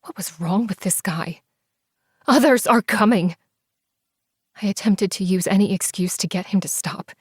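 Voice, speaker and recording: Expressive woman narrating a dark romance audiobook. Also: on the low side, a little fast, hardly any pauses, breathy edge, no echo, studio quality. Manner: expressive, breathless in tense scenes, shifts into soft whispers.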